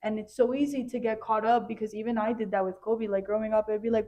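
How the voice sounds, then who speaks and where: A woman's voice: fairly high pitch, steady tone, quick pace, dark tone. A young woman hosting a podcast, talking in an earnest, chatty way with lots of filler words. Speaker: podcast host. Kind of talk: casual chat.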